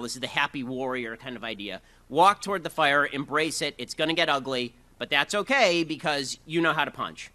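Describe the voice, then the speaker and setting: Man delivering a combative speech, bright, tense, higher pitched. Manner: fast, combative, sarcastic delivery. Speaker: speaker giving a talk. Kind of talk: speech to a live audience.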